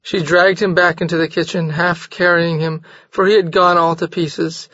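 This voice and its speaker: A man narrating a novel in a steady, measured storytelling voice. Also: on the high side, dry recording. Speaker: audiobook narrator. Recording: slightly dull dry recording.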